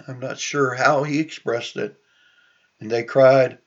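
Man, sermon, slow delivery, breathy voice, conversational asides, muffled lo-fi sound. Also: medium pitch, steady tone. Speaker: preacher. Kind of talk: sermon with scripture reading. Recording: dull lo-fi recording.

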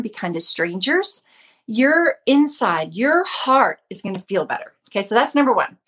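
A woman in her fifties speaks to her viewers in a medium-pitched, slightly bright voice. As host of a Christian mom channel, she gives a casual devotional talk that's earnest, chatty, and full of repetition.

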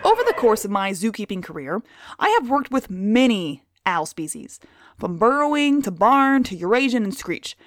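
A woman's voice: medium pitch, big pitch swings, moderate pace. A woman and former zookeeper giving a crude, sarcastic comedic monologue.

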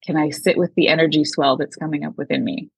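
A woman guest explaining emotional awareness in a calm, measured way. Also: deep voice, gravelly, breathy edge, dry recording, poor audio. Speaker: guest, emotional intelligence educator. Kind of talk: reflective interview talk.

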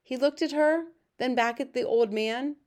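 Woman audiobook narrator, even measured storytelling voice. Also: sits high. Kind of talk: scripted narration.

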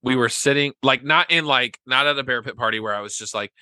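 Bright-voiced young man telling stories. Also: medium pitch, fast talker, clean tone, dry recording. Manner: animated storytelling, acts out his own past words in whispers. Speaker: podcast guest. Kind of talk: casual chat.

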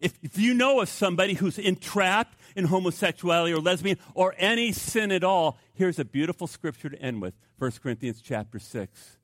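An older male pastor preaches a sermon in a fairly high voice, moving briskly with few pauses. His storytelling is animated, swinging from loud, lively emphasis down to hushed, quiet passages. The recording is dry and close, with no room echo.

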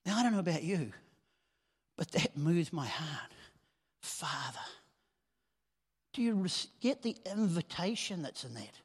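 A man's voice: on the high side, animated, a little slow, long pauses, slightly rough. Preacher man in a reverberant hall. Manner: conversational preaching with swells of loud emphasis. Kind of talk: sermon.

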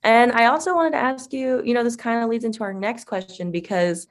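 A woman's voice: fairly high pitch, a little fast. A woman hosting a podcast, affirming her guest and asking long, careful questions. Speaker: podcast host. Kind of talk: podcast interview.

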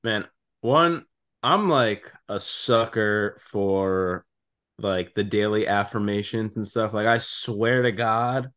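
A young adult man co-hosting a podcast in casual chat, animated, swearing freely and saying "dude" and "like" a lot. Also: lowish voice, slow pace, smooth. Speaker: podcast co-host.

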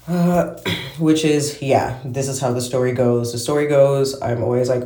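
A man talks through a loose, casual podcast monologue, swearing freely and losing his thread before picking it up again. His voice is mellow and warm. The room around him is echoey. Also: mid-range voice, steady tone, normal speed. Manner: rambling, swears freely, trails off and restarts. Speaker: podcast host. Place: at home, smoking while recording. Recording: roomy echo.

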